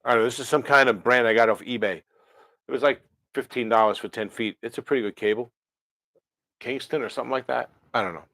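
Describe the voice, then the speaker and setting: A man's voice: medium pitch, fairly even intonation, fast talker, a bit bright, dry recording. Brief: man, rambling livestream host, dry close mic. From New Jersey. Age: 50s. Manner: rambling and chatty, with many fillers and self-corrections. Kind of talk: casual livestream chat answering viewer comments.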